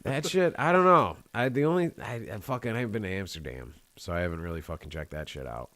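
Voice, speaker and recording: A young American man with a lowish voice spins a loose, swearing-heavy story for his podcast. He talks casually and wanders through side remarks as he goes. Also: animated, fast, fairly bright tone, no room sound. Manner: rambling, profane storytelling. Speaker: podcast host. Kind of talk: casual chat.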